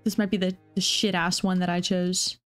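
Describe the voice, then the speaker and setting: A woman giving casual, excitable reaction commentary on a video game, swearing freely and thinking out loud. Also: lowish voice, moderate pace, faint music behind. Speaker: gaming reaction streamer.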